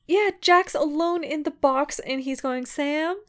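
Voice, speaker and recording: Animated swearing woman recapping TV. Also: high voice, measured pace. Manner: animated, swears freely, acts out characters' lines. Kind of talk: casual TV recap chat.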